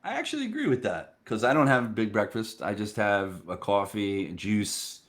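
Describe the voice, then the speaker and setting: A man with a fairly low voice hosts a casual interview. He tells stories with lots of energy and acts out the voices of the people in them. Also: moderate pace. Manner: animated storyteller, acts out quoted speech. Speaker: podcast host.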